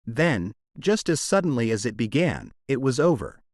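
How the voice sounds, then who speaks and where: A man narrating a romance audiobook in a dramatic, expressive storytelling manner. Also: medium pitch, normal speed, no echo, studio quality.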